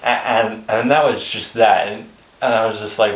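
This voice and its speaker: A man with a fairly low voice tells a personal story in a loose, rambling, conversational way. He swears casually and keeps breaking into short chuckles. The sound is roomy, with a noticeable echo around him. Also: steady tone, moderate pace. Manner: rambling, chuckles between phrases, swears freely. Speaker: vlogger telling his life story.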